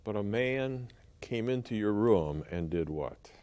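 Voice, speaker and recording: A man's voice: lowish voice, expressive, measured pace, dark tone. A man hosting an interview, introducing his guest and asking short prompting questions. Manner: brief prompting questions, attentive. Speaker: interview host.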